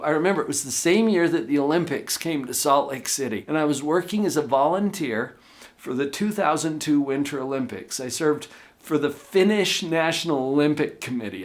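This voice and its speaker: A middle-aged man hosting a self-improvement channel, giving an earnest, emphatic motivational talk to camera, his voice at times strained and strangled. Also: a little high. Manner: earnest, emphatic, asks listeners questions.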